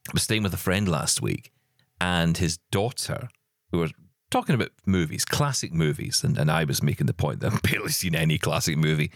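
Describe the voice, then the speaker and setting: A man's voice: extremely low pitch, fairly quick, dry recording, clean studio sound. A middle-aged Scottish man co-hosting a podcast, chatty and self-mocking, often laughing. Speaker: podcast co-host. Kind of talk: casual chat.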